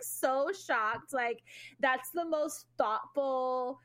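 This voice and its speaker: A woman's voice: a little high, measured pace, fairly bright tone. A young adult woman co-hosting a podcast, telling a story in casual chat, swearing freely and laughing along. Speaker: podcast co-host.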